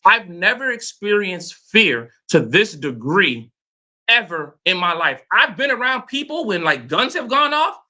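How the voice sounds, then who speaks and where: A man with a high, strikingly bright voice tells a personal story as a motivational coach. He is dramatic and animated, and he keeps turning to address his listeners directly. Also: unhurried.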